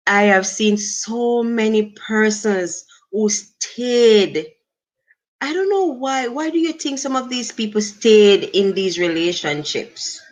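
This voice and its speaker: A middle-aged Jamaican woman hosting a casual livestream, speaking in an unhurried, reflective way and thanking her viewers. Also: medium pitch, lively intonation. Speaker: livestream host. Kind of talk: casual livestream talk to chat.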